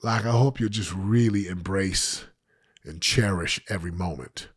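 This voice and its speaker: A man's voice: deep voice, normal speed, a little hiss or hum. A man in his late forties giving an emphatic motivational talk to camera on his podcast, often repeating phrases for effect. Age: 40s. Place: podcast set.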